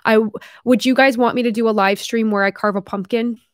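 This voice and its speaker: A woman's voice: on the high side, steady tone, fairly quick, no echo. A young woman chats casually to her stream audience, full of "like" and the odd swear word. Her voice sounds a little worn after hours of talking. The sound is dry and close, with no room around it. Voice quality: chatty, lots of "like", casual swearing. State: voice tiring from long talking. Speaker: live streamer. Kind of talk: casual live stream chat.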